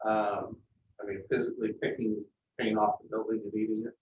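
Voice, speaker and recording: A man speaking at a public meeting as airport manager, plainspoken and hesitant with frequent pauses. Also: fairly low pitch, level tone, slight background noise. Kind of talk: meeting discussion. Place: council meeting room. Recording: echoey, distant, muffled meeting audio.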